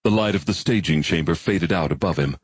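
A man narrating an audiobook in a measured storytelling manner. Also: low voice, breathy edge, dry recording. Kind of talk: scripted narration.

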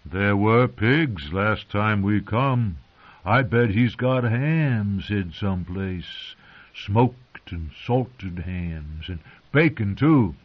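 Man as a slow, reverent hungry ranger. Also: medium pitch, big pitch swings, slightly rough. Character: hungry male ranger dreaming of food. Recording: dull lo-fi audio.

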